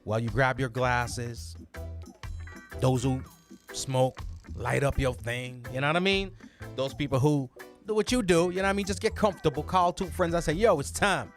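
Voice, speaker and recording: A man with a Jamaican accent hosting a radio and podcast show, energetically rattling off greetings and shout-outs to listeners. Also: medium pitch, moderate pace, faint music behind.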